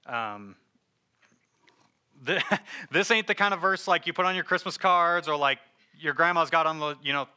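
A man's voice: a little high, bright, forceful tone, smooth. A man preaching a casual, conversational sermon, full of fillers and joking asides.

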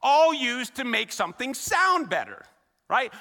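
A pastor delivers a sermon in a church sanctuary, chatty and animated, slipping into the voices of people he quotes. His high, bright voice swings lively in pitch at a moderate pace, ringing with the long reverb of a large hall.

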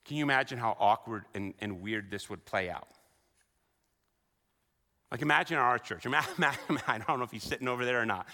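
A man preaching a sermon as a pastor, conversational and animated, acting out the voices of the people he quotes. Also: mid-range voice, a little fast, pauses often. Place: church sanctuary. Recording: long reverb of a large hall.

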